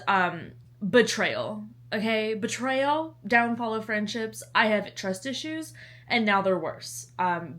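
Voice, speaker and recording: A woman's voice: medium pitch, a bit bright. A young woman from the American South with a Southern accent, chatting casually in a book vlog, bubbly and dramatic, swinging into laughter. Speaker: book vlogger.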